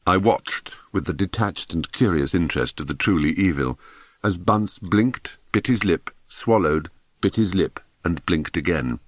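A man's voice: low-pitched, measured pace, no echo. Wry man reading his memoir. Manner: wry, expressive storytelling. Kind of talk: audiobook narration.

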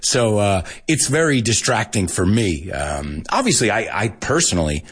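Lively husky American man teaching. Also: lowish voice, normal speed. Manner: animated, chuckles often, switches between English and Spanish. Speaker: language teacher and podcast host. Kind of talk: casual podcast lesson.

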